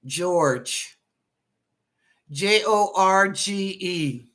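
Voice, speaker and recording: Bright-voiced woman hosting psychic readings. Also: on the high side, expressive, unhurried. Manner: greets viewers by name, chatty and warm-toned. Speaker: psychic reader and show host. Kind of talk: casual live-stream chat and readings.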